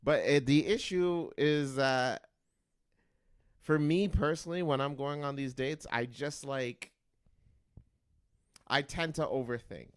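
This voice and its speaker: A man co-hosting a casual podcast, excitable and jokey, swearing freely as he talks. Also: on the high side, slow pace, long pauses, clean tone, dry recording, clean studio sound. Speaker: podcast co-host. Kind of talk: casual chat. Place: Toronto.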